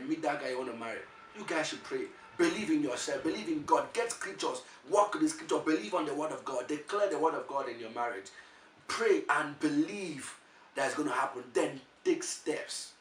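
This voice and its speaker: A man with a Nigerian accent giving an animated motivational testimony as a preacher, often repeating words as he restarts. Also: medium pitch, a little hiss or hum. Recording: echoey room, voice from far off.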